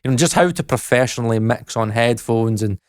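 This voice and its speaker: A man's voice: mid-range voice, a little fast, smooth, no room sound, studio quality. A Scottish man in his thirties rambling self-deprecatingly in a casual vlog, laughing often. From Scotland. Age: 30s. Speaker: YouTuber and mixing engineer.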